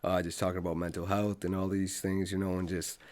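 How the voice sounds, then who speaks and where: Man, young adult, lowish voice, laid-back, soft trailing delivery, podcast guest. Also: level tone, fast talker. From Boston. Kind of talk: casual podcast chat.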